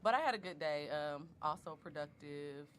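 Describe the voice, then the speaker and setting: A woman's voice: low-pitched, moderate pace, a little hiss or hum. A woman co-hosting a podcast, teasing playfully in casual chat. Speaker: co-host.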